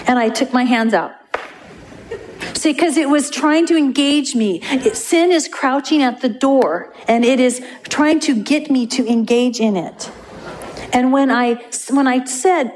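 A woman's voice: sits high, moderate pace, darkish tone, a little hiss or hum. A woman prayer minister animatedly telling a story to an audience, acting out voices and laughing at her own jokes.

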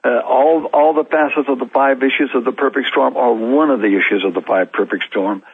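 A man's voice: medium pitch, fairly quick, breathy edge, no echo. A man telling his story as a guest on a talk show, with frequent restarts and laughs in between. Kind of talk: storytelling interview answers. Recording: narrow, phone-like dry sound.

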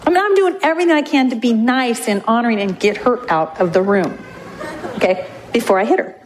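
A woman's voice: on the high side, lively intonation, fairly quick, slight background noise. A woman prayer minister animatedly telling a story to an audience, acting out voices and laughing at her own jokes.

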